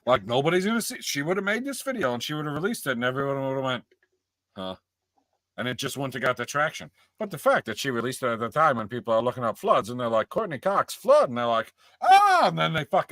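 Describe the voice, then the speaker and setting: A man's voice: medium pitch, no room sound, clean studio sound. A man co-hosting a casual podcast chat, arguing his points with plenty of swearing. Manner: profane, argumentative, lively. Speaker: podcast co-host.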